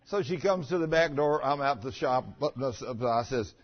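A pastor, preaching and telling personal stories in a folksy, chatty way with stammering restarts. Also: male voice, mid-range voice, moderate pace. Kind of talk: sermon with personal storytelling. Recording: muffled lo-fi recording.

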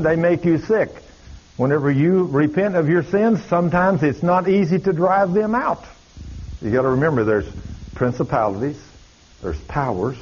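A man's voice: medium pitch, darkish tone, breathy edge. A man preaching, telling a story in a folksy, dramatic way. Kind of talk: sermon storytelling. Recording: dull lo-fi recording.

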